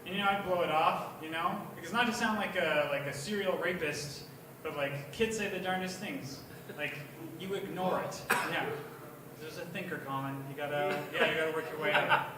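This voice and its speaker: A young man at an open mic doing rambling, profane stand-up that bursts into shouting. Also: fairly high pitch, normal speed. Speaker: stand-up comedian. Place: small bar at an open mic night, indoors. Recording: echoey bar taped from far off, with room noise.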